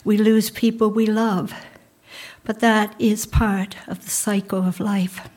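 A middle-aged woman pastor giving a sermon in a church, speaking slowly and softly, sometimes dropping almost to a whisper. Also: medium pitch, flat delivery. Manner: slow, soft, drops into near-whispers on key lines.

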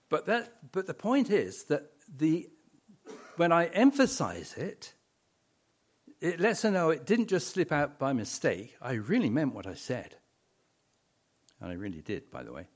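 A man's voice: fairly high pitch, big pitch swings, takes it slowly, pauses often, husky. A middle-aged man preaching a sermon, telling stories with wry humor and repeating words for emphasis.

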